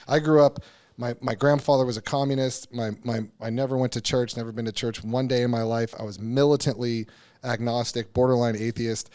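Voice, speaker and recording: A man's voice: mid-range voice, a little mellow. A man as a podcast guest, telling a personal story in a candid, earnest way, often restarting his sentences and swearing casually.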